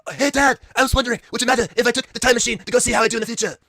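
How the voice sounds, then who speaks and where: A man's voice: very high voice, fairly even intonation, racing, a bit bright, no echo, clean studio sound. A man voicing a vain, boastful young wrestler in an improvised comedy skit. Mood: vain dismay. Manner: boastful, whiny, dopey.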